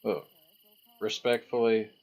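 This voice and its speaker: A man's voice: fairly low pitch, level tone, slow pace, darkish tone. A man, blunt and swearing freely in casual podcast banter. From Australia.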